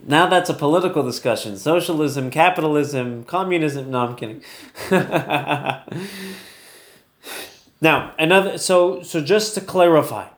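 A man's voice: a little high, echoey room. A man teaching an online Torah lesson in a casual, chatty storytelling manner, laughing easily.

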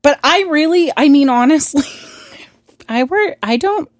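A woman co-hosting a podcast, telling stories in a chatty, animated way and swearing freely. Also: high voice, a little slow, no echo, clean studio sound. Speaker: podcast co-host. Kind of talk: casual storytelling chat.

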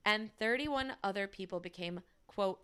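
This is a talkative woman from the United States co-hosting a podcast. Her voice sits in a middle pitch, and she tells a story casually with jokey asides and frequent laughter. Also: normal speed, fairly bright tone, smooth. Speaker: podcast co-host. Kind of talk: casual chat.

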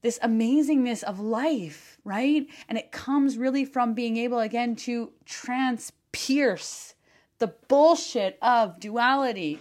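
A woman's voice: fairly high pitch, takes it slowly. Effusive, swearing woman podcast coach. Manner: effusive, swears casually, lots of "like" fillers. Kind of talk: excited solo podcast talk.

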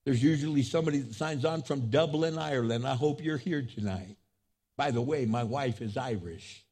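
A male pastor preaches with a husky, breathy edge to his voice. He climbs to loud, high peaks and then drops to low, hushed asides. He slips into quoted voices as he goes. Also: moderate pace. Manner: preaching with big swings in pitch and loudness, voicing quoted speech. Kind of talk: sermon. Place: church, with an online audience.

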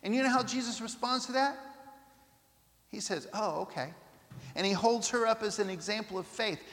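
A man preaching a sermon in an animated way, acting out the voices of people he quotes. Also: high voice, a little fast, big-room sound.

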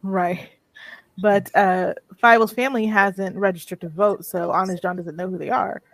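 A woman co-hosting a casual movie review chat, retelling the plot in an animated way and laughing often. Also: mid-range voice, moderate pace, vocal fry, dry recording. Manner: animated storytelling with frequent laughter. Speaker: co-host of a movie review show.

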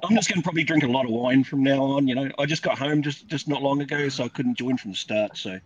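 A man's voice: medium pitch, fast talker, highs cut off, slight background noise. A man with a New Zealand accent, chatting casually and swearing freely on a video call from home. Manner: laid-back, swears freely. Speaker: stream guest. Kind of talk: casual chat.

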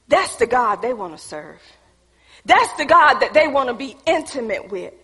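A woman preacher in the style, delivering a lively call-and-response sermon with playful emphasis. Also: sits high, measured pace, husky. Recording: echoey hall with long reverb.

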